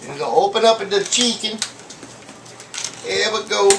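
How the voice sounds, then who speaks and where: A high-pitched man hosts his own cooking show, rambling cheerfully and tossing in jokes between steps. He is picked up from across the room in an echoey home kitchen. Pans, dishes and cutlery clatter clearly behind him. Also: moderate pace, recorded from a distance, noisy background. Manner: rambling and jokey, with many fillers and asides. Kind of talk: casual comedic cooking demo. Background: clinking dishes, pots and cutlery.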